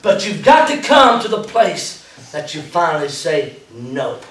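High-voiced preacher shouting praise. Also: male voice, big pitch swings, unhurried. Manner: exclaiming, laughing, shouting bursts. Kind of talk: revival sermon. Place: church sanctuary. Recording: roomy echo from far off. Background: congregation calling out.

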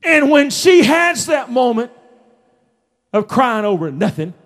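A middle-aged preacher with a strikingly high voice delivers a sermon from the church pulpit. He talks in a folksy, conversational way, then pushes into emphatic shouts. His colors every phrase. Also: big pitch swings, takes it slowly. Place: church sanctuary.

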